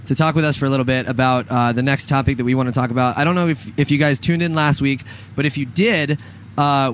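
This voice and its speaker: A man's voice: mid-range voice, slight background noise. A man co-hosting a casual talk show, rambling with lots of fillers and restarts and laughing often. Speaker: podcast co-host. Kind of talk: casual chat with banter.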